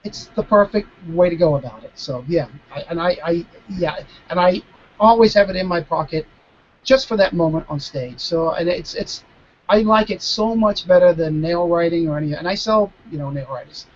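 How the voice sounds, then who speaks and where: A man, a mentalist guest, chatting casually over a video call, animated and stopping to restart his sentences. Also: on the high side, normal speed, muffled recording, a little hiss or hum. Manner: animated, acting out dialogue, frequent restarts. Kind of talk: casual storytelling Q&A.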